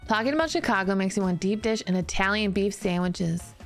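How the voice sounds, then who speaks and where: A chatty woman streamer talks easily at a middle pitch, giggling often and poking fun at herself. Her sentences restart and tumble on. Quiet music plays behind her. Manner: chatty, giggly, self-deprecating, quick restarts. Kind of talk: casual chat with stream chat.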